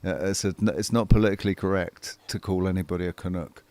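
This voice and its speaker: A man's voice: sits low, steady tone, fast, a little mellow, dry recording. A man from the UK chatting casually on a livestream, rambling and swearing as he talks. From United Kingdom. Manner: rambling, swears, restarts often. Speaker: channel host.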